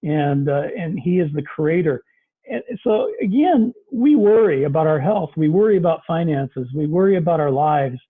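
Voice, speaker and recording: Pastor preaching over a tinny line. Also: male voice, on the high side, animated, normal speed, breathy edge. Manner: conversational, with fillers. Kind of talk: sermon. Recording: tinny phone-like recording.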